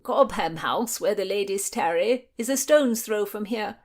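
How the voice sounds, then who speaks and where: A woman's voice: mid-range voice, lively intonation, unhurried, pitched above the performer's own voice. A woman voicing an older nobleman, dignified and lovesick, speaking in an earnest, lofty way in a storybook reading.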